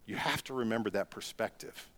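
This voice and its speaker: A man's voice: lowish voice, a little fast, fairly bright tone. A middle-aged man delivering a sermon as a pastor, asking rhetorical questions and rising into emphatic bursts.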